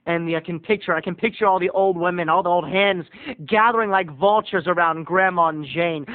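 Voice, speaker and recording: A man's voice: a little high, steady tone, brisk, narrow, tinny audio. A man telling a comic family story in a theatrical, dramatic vlog style. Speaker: video blogger.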